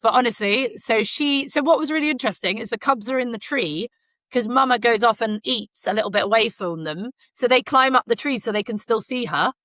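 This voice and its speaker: A slightly high, bit-bright voice moves briskly as this Canadian podcast co-host tells stories. Her style is casual and rambling, with many fillers, and there's no room sound.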